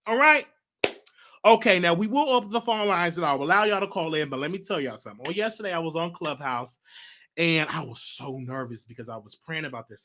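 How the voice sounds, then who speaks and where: Animated, chatty man hosting a show. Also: on the high side, fairly quick. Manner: chatty, animated storytelling with slang asides. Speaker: host. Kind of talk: casual livestream talk.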